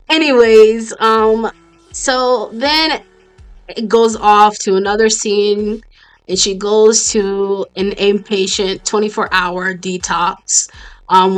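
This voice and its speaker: This YouTuber, raised in the US by a Jamaican family, chats casually about a TV series she's reviewing, cursing openly and drifting into side topics as she recaps it. Her American-accented voice sits at a medium pitch with a bit of brightness, in a laid-back commentary vlog.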